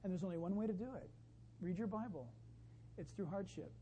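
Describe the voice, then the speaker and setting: A woman pastor delivering a sermon, emphatic and building to loud exclamations. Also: fairly low pitch, brisk, lo-fi sound, slight background noise.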